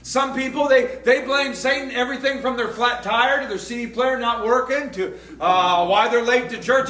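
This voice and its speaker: A man preaching a sermon as pastor, telling a story with lively acted-out voices and laughter. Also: very high voice, normal speed, hardly any pauses, echoey room, far from the mic. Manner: storytelling, acts out quoted voices, laughing and shouting at punchlines. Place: church.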